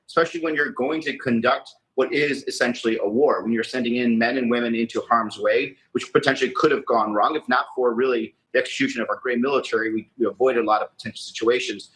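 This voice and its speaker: A man's voice: medium pitch, a bit bright, poor audio. A man, a legislator, firmly arguing his point in answer to a press question. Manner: firm, argumentative.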